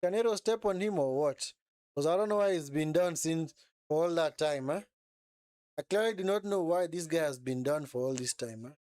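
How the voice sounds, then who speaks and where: A man's voice: fairly high pitch, normal speed, dry recording, clean studio sound. A man hosting a live football watchalong, reacting to the play as it happens, repeating phrases and tagging sentences with "eh?". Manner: excitable, repeats phrases, frequent tag "eh?". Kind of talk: live match commentary and chat.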